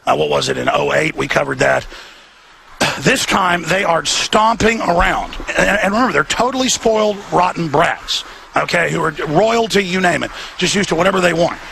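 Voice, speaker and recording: Male talk host, outdoor live rant, very gravelly, high and forceful. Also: big pitch swings, normal speed, slight background noise. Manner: fiery, repetitive, ranting delivery. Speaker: radio talk show host. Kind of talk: impassioned live commentary. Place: outdoors near a hotel.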